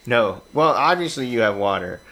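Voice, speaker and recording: A man's voice: medium pitch, animated, moderate pace, over a noisy crowd. A man guesting on a podcast in casual chat, earnestly arguing his points. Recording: noisy recording with clicks.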